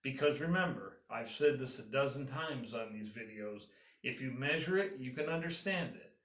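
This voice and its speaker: A man's voice: mid-range voice, expressive, normal speed, a bit bright, reverberant, distant mic. A man, a business consultant, giving earnest, encouraging advice and walking through steps one by one. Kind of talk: advice talk to camera.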